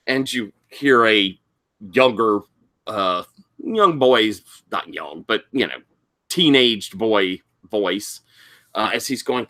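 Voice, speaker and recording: A game master narrating a tabletop role-playing session and setting scenes for a player. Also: mid-range voice. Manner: unhurried, lively storytelling.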